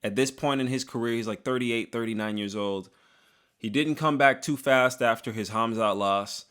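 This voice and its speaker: A young man, an MMA commentator, giving an animated, jokey opinion vlog that talks straight to the fighters. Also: medium pitch, moderate pace, clear, resonant tone. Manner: animated, hyped, jokey, addresses fighters directly.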